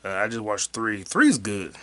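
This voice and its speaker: A man hosting a solo podcast, rambling loosely and profanely, with sudden loud excited bursts. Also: fairly low pitch, a little slow. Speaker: podcast host and stand-up comic.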